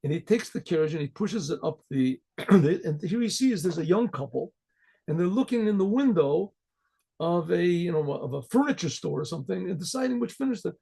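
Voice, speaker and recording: A man, a rabbi, telling a folk story in a rambling way, often clearing his throat and restarting. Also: high-pitched, expressive, a little fast, warm tone. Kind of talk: oral storytelling.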